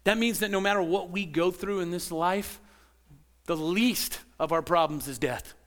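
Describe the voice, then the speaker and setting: A pastor delivering a lively, conversational sermon in a high voice. He stumbles over and repeats words as he goes, and he keeps turning questions back to the congregation. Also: normal speed. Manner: animated preaching, stammers and repeats words, asks the congregation questions.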